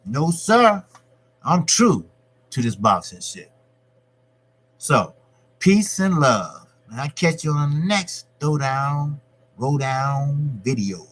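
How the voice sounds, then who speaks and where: Male boxing channel host; loose, cussing live-stream talk, a bit higher than average. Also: slow pace, pauses often, a little hiss or hum. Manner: profane, repetitive, animated. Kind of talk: casual live-stream rant.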